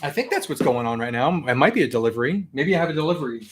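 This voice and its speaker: A man casually showing off his new toy haul at home, chatty and excitable. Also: mid-range voice, rapid-fire, a little hiss or hum. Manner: chatty, excitable, yells at his barking dog. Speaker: toy collector vlogger.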